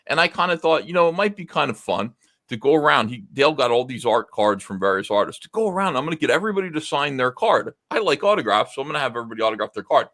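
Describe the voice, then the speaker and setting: A man's voice: mid-range voice, very animated, fast talker, fairly bright tone, no room sound, studio quality. A middle-aged man hosting a livestream, telling a rambling anecdote with many fillers, restarts and casual swearing. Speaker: host.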